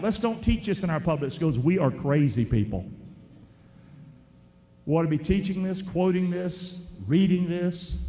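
A man's voice: high voice, a little mellow. A man preaching a sermon, calling out to his congregation and having them repeat lines back. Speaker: pastor. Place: church sanctuary. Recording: echoey church hall.

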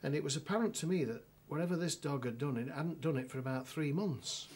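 A man's voice: on the high side, fairly quick, a little mellow, a little hiss or hum. A middle-aged man with a northern English accent, telling a dry anecdote as a solicitor in a documentary interview, with many restarts and fillers.

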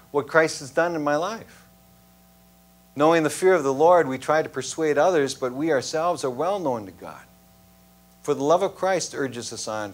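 A male pastor delivers a sermon in a church, in a relaxed, conversational way. He tells his points like stories and checks in with the congregation as he goes. His voice sits at an ordinary middle pitch. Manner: conversational, storytelling preaching with "huh?" asides. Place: church sanctuary.

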